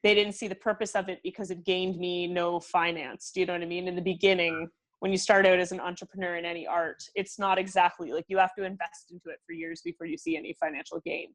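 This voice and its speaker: A woman in her thirties with a Canadian accent, a singer chatting freely as an interview guest, laughing often and filling with "like". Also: fairly low pitch. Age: 30s. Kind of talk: casual interview chat.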